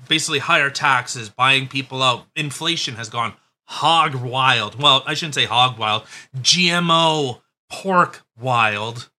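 A man's voice: a little high, pushed and bright. A man hosting a podcast, talking in a blunt, sarcastic, profane way in casual chat. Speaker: podcast host.

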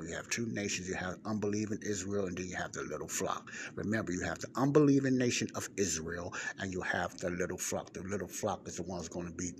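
A man's voice: low voice, fast talker, hardly any pauses. A man teaching the Bible in casual podcast form, reading from a book, then digressing to explain, repeating points and checking in with listeners with "okay?". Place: public library area with passing cars. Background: faint ambient noise.

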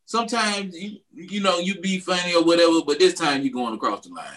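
A man co-hosting a casual podcast, animated and slangy as he trash-talks. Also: high voice, a little fast. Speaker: podcast co-host. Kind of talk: casual banter.

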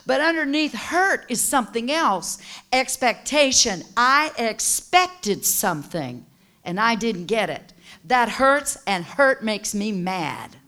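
A woman preacher delivering a sermon, teaching and building to passionate shouting with call-and-response. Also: a little high, sing-song, slow pace.

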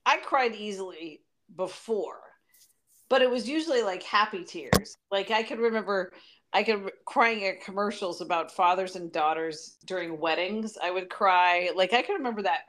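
A woman in her forties telling family stories in a casual podcast chat, animated and warm-humored. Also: medium pitch, moderate pace. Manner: storytelling, animated. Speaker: podcast co-host.

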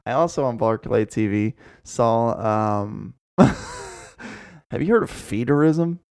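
A man co-hosting a podcast, chatting casually with quick interjections and swearing. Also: mid-range voice, animated, a little mellow, clear, resonant tone, no room sound, studio quality. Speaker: podcast co-host. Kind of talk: casual chat.

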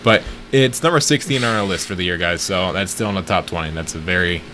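Low, lively man with noisy recording. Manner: quick teasing interjections. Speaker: podcast co-host. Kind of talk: casual chat.

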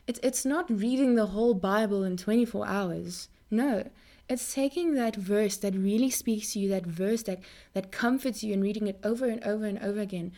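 A young woman speaking earnestly in a Christian faith talk to her viewers, often repeating words as she goes. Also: normal speed. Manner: animated pitch jumps.

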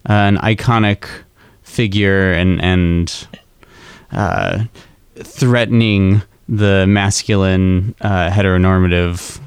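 A man's voice: deep voice, fairly even intonation, takes it slowly, smooth, no room sound. A man in a casual podcast discussion, hesitant and wry, often repeating words as he talks. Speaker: podcast co-host.

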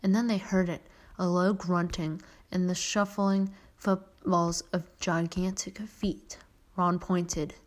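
A woman's voice: on the low side, level tone, slow pace. A woman hosting a podcast, reading a children's novel aloud, with occasional stumbles and self-corrections. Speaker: podcast host reading a story.

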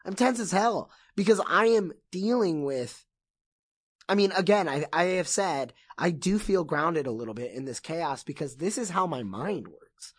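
A man talking as a podcast guest in casual chat, impassioned and excitable, swearing often. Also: fairly high pitch, moderate pace, breathy edge, no room sound, studio quality.

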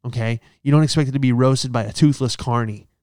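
A man's voice: mid-range voice, fairly even intonation, fast, darkish tone, smooth, no echo, studio quality. A man ranting in a brash stand-up style, profane and punchy, often checking in with "all right?" and recorded in a hotel room. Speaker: comedian.

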